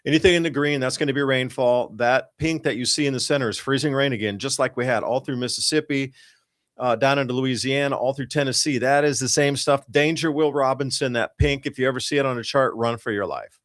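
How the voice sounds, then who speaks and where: Male talk-show host, mid-pitched, emphatic and rambling, dry close mic. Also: quick pace, dry recording. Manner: excited, emphatic, rambling with restarts. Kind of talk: casual talk-show commentary on weather charts.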